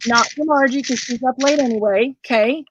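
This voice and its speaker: A woman's voice: high-pitched, brisk, dull audio, background noise. A woman hosting a casual craft livestream, chatting with viewers and calling them by name.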